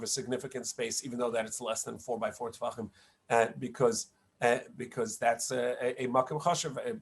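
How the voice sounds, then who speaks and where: A man, a rabbi, giving an online Talmud lesson, explaining each passage in an unhurried, halting way with many fillers and restarts. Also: mid-range voice, husky. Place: home setup, online class.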